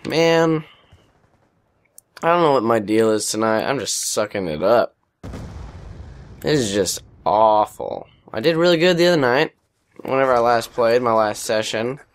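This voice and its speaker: A man's voice: medium pitch, lively intonation, unhurried, pauses often, smooth. A young man giving casual gameplay commentary over a headset, rambling, self-deprecating and swearing often. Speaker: gaming commentator.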